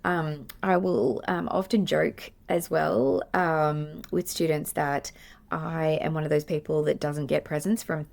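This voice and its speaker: A middle-aged Australian woman talks through a teaching point on her podcast. Her voice sits low with a gravelly fry, and she rambles warmly through fillers and restarts, laughing at herself. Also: steady tone, a little slow. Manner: chatty, self-deprecating, many fillers and restarts. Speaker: play therapist and podcast host. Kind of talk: casual teaching monologue.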